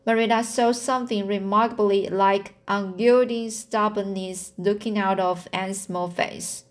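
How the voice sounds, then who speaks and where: Woman, amateur novel reader, slow and stumbling, lots of restarts. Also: mid-range voice, fairly even intonation. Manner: halting, with slips, fillers and restarts. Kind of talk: reading a novel aloud.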